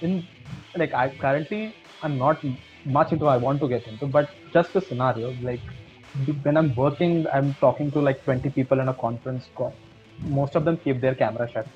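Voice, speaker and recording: A man hosting a casual chat over a video call who speaks haltingly, searching for his words. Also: mid-range voice, highs cut off, faint music behind. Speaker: podcast host.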